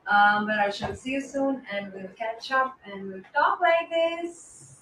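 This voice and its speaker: A fairly high-voiced woman, chatting warmly with viewers on a live stream. She greets people by name, blows kisses and slides between English and Hindi. Her pep talks to viewers are soft and encouraging. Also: animated, a little slow, faint music behind, rough recording.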